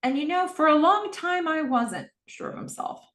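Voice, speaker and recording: A woman's voice: high-pitched, lively intonation, moderate pace, a bit bright, echoey room, pitched above the performer's own voice. A woman reading a dryly teasing, flirting man.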